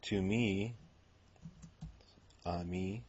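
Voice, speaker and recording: A man's voice: low-pitched, very slow, a little mellow, lo-fi sound, a little hiss or hum. A man teaching a recorded language grammar lesson, explaining step by step with frequent ums and okays. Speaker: Spanish teacher.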